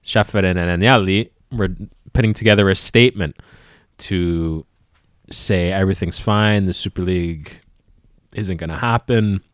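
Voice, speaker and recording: A man co-hosting a football podcast, explaining events in a halting, casual way with frequent fillers. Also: sits low, no echo, clean studio sound.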